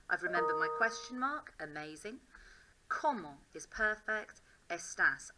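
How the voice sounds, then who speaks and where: A woman's voice: mid-range voice, animated, normal speed, bright, forceful tone, low-quality recording. An English woman teacher thinking aloud as she writes, upbeat and encouraging in a classroom demonstration.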